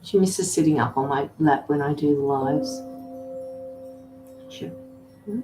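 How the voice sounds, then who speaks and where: A woman's voice: lowish voice, a little slow, long pauses, dark tone. A woman hosting a casual livestream as a tarot reader and medium, chatting affectionately with viewers and fussing over her dogs. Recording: roomy echo with faint music.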